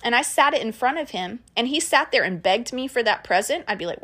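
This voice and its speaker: A woman's voice: on the high side, expressive, brisk, fairly bright tone. A woman, a mother, teaching in a casual, earnest and encouraging way, with a conversational flow and frequent fillers. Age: adult parent. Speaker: Christian podcast teacher.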